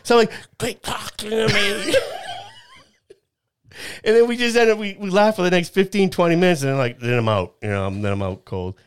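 A man's voice: sits high, fast, few pauses, smooth, dry recording, studio quality. A man in his fifties telling a personal story in casual chat, rambling with frequent restarts and laughing at himself. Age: 50s.

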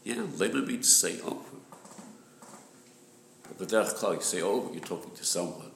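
A man's voice: low voice, normal speed. A man leading a group study of a religious text, explaining patiently and repeating the key point. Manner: patient, repetitive explaining, clears throat. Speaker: Torah study group leader. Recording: echoey room with background noise.

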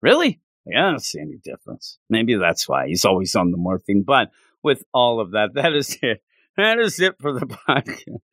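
A man's voice: medium pitch, sing-song, moderate pace, a bit bright, dry recording, clean studio sound. A man hosting a comics podcast, reviewing issues in a loose, jokey, late-night goofy way.

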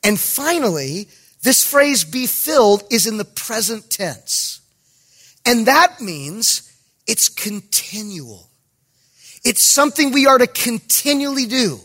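A pastor giving an emphatic sermon, with jokey asides and bursts of raised voice. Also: male voice, very high voice, very animated, slow, pushed and bright, husky.

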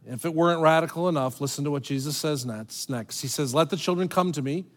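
A male pastor giving a sermon in an animated, conversational way, with dramatic pauses and quoted voices. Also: fairly high pitch.

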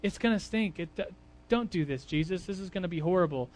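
A fretful woman hurriedly protesting and making excuses, as a male preacher puts her on in passing. The voice sits a little high. It stays close to his own speaking voice. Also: expressive, fast talker, darkish tone.

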